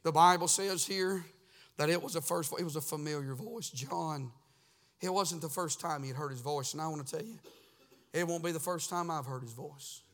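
A man preaching a sermon in a church, in a sing-song cadence that swings from hushed to shouting. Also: a little high, normal speed. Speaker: pastor. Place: church sanctuary.

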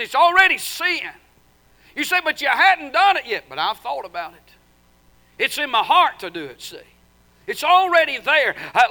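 High, bright-voiced preacher in church. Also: male voice, rough recording. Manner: emphatic preaching that swings from soft asides to loud declarations; frequent stammered restarts with "uh, uh". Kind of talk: sermon.

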